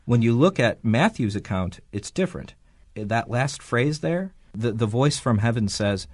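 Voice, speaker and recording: A man hosting a podcast, giving measured, lecture-like explanations. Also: medium pitch, expressive, a little mellow, no echo. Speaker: podcast host.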